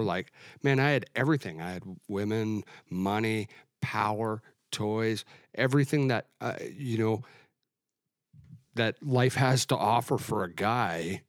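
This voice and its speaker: A middle-aged man from Canada giving an earnest, reflective personal testimony in an interview, often halting and restarting. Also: on the low side, clean tone, dry recording, studio quality. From Alberta, Canada. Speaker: guest sharing testimony.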